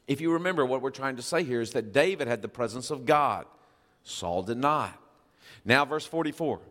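A man's voice: medium pitch, lively intonation, normal speed, fairly bright tone, long reverb tail. A male pastor preaching a sermon, reading scripture and asking the congregation questions with emphasis.

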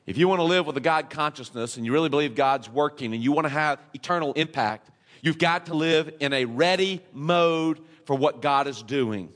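Man, pastor, sermon, rhetorical questions, soft-to-emphatic delivery, slightly high voice, long church reverb. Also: animated, moderate pace.

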